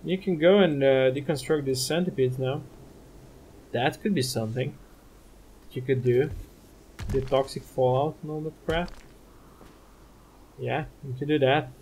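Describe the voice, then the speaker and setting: A man's voice: mid-range voice, measured pace, long pauses, a little mellow, a little hiss or hum. A man giving gameplay commentary as a let's play host, muttering to himself, exasperated and swearing at his desk microphone.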